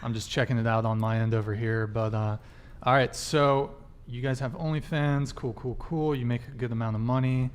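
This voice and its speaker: A man's voice: mid-range voice, steady tone, moderate pace, few pauses, clear, resonant tone. A man hosting a live stream, chatting casually while sorting out technical problems. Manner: distracted, fixing stream tech while talking. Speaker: livestream host.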